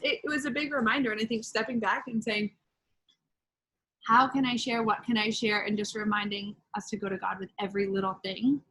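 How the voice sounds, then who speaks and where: A woman hosting a casual faith chat, animated and storytelling, with quoted asides and frequent laughs. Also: medium pitch, slightly rough, low-quality recording. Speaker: podcast host.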